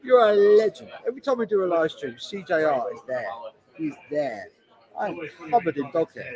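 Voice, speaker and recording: A man's voice: fairly high pitch, expressive, moderate pace, low-quality recording. A man with a London accent, chatting casually on a live stream and reading viewers' comments aloud, often repeating himself. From Hertfordshire, England. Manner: chatty, repeats lines, reads chat aloud. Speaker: beer vlogger streaming live. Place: busy bar taproom. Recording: loud bar crowd behind voice. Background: crowd chatter in a bar.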